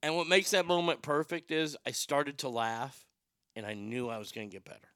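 A man's voice: mid-range voice, fairly even intonation, normal speed, a bit bright, clean tone, no room sound. A male radio host telling personal stories in a rambling, profane, darkly funny way. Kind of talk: casual storytelling monologue.

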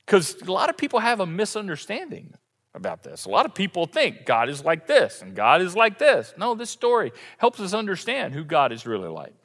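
A man preaching a sermon as pastor, telling a story with lively, acted-out quotes. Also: high voice, brisk, big-room sound. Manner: animated storytelling, acts out quotes. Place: church sanctuary.

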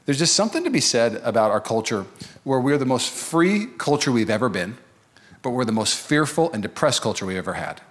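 A man preaching a sermon as pastor, animated and joking, acting out quoted voices. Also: medium pitch, fairly quick. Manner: animated, jokey, acts out voices of others.

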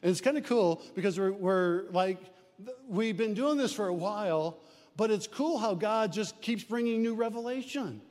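High-voiced man preaching in a hall. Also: moderate pace, darkish tone. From US Midwest. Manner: folksy, conversational preaching. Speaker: pastor. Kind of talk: sermon. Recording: long hall reverb.

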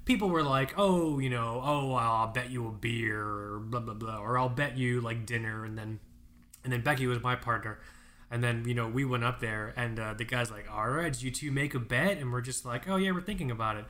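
A man in his thirties co-hosting a casual podcast chat, telling animated stories, swearing and acting out quotes. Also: medium pitch, a little fast. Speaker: podcast co-host.

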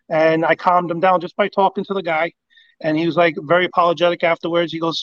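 A man's voice: a little high, flat delivery, fairly quick, fairly bright tone, no echo, highs cut off. A man from New York, co-hosting a casual podcast and telling a story while acting out both sides of it. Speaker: podcast co-host.

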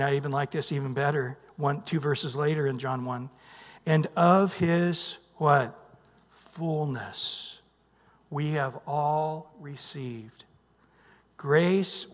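A male pastor preaching a sermon, emphatic, swinging from loud bursts to hushed near-whispers and prompting the congregation with "what?". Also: on the high side, in a large hall. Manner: emphatic, calls out "what?" for the congregation to fill in verses. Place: church sanctuary.

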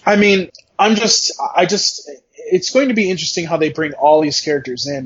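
A man's voice: fairly high pitch, breathy edge, highs cut off. A man co-hosting a casual podcast, eager and profane, often repeating what he says to others. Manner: enthusiastic, profane, quotes himself. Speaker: podcast co-host.

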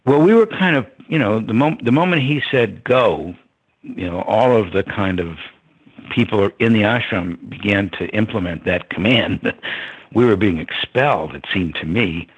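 Husky-voiced older man telling a story. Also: lowish voice, lively intonation, normal speed, low-quality recording. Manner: reflective, chuckling, with fillers. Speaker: interview guest. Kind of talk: storytelling in an interview.

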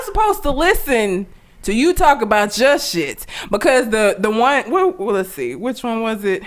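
A woman's voice: fairly high pitch, big pitch swings, measured pace. A young woman chatting casually on a podcast, ranting and laughing, swearing freely. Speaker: podcast co-host. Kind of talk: casual chat.

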